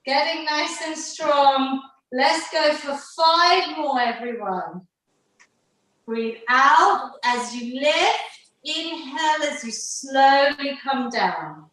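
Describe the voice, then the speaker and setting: A woman's voice: sits high, slow pace, a bit bright. A woman fitness instructor leading an online workout class, upbeat and encouraging, counting down the reps. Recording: very echoey room, mic far off.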